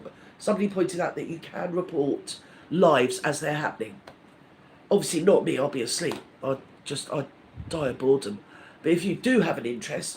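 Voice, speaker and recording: A man's voice: on the high side, a little hiss or hum. A man hosting a live stream, ranting in a rambling, indignant, gossipy way with many restarts.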